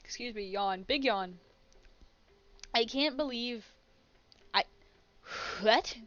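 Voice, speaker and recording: A woman streaming a game, chatting casually and excitably, laughing and sighing as she reacts, on dull lo-fi audio. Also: on the high side, takes it slowly. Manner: excitable, laughs and sighs between lines.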